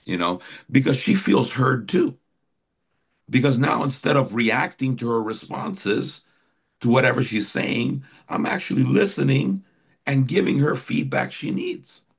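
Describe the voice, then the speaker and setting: A man's voice: medium pitch, expressive, normal speed, creaky, husky. Earnest middle-aged man telling a story. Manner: earnest, reflective, acts out his own inner voice. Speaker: author and life coach, podcast guest. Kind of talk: conversational storytelling.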